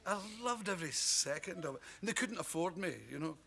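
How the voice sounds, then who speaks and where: A Scottish man, a comedian guest in his thirties, tells animated talk-show anecdotes in a TV studio and laughs through his punchlines. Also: high-pitched, a little fast, vocal fry, husky. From Scotland. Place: TV studio with audience.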